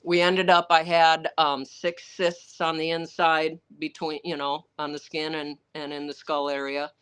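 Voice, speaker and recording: A woman with a fairly low voice who answers a livestream audience in blunt, rambling anecdotes. She swears now and then without slowing down, and she slips into quoted voices to act out what other people said. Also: level tone, fairly bright tone, clean tone. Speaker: author taking viewer questions. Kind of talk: candid livestream Q&A storytelling.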